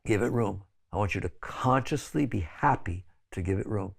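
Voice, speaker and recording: A man's voice: normal speed, creaky, breathy edge. An older man giving a spiritual lecture in a conversational, pleading way, with frequent "right?" asides. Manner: sudden high exclaiming bursts when acting out others. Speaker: spiritual teacher.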